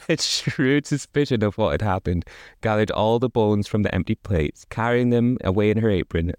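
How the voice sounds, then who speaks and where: Podcast host, male, low voice, reads a folk tale with joking asides, dry close mic. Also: darkish tone, no room sound. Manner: wry, chuckling, chatty asides. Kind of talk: casual storytelling with joking asides.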